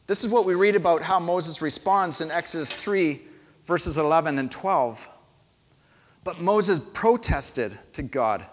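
High-voiced male pastor preaching. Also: expressive, unhurried. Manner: conversational storytelling, rhetorical questions. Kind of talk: sermon. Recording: long hall reverb.

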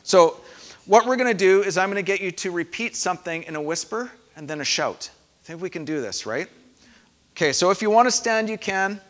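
A man preaching a sermon in a church, calm and reflective, dropping soft and then leading the congregation in loud shouted responses. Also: high-pitched, a little fast. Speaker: pastor. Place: church sanctuary. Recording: echoey hall.

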